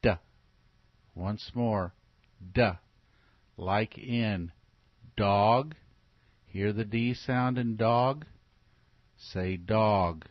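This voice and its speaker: Man teaching phonics, low voice, very slow and patient, dry and dull lo-fi sound. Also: no echo. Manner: slow, patient, repeats sounds for the child to copy. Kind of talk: phonics lesson for young children. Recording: dull, lo-fi recording.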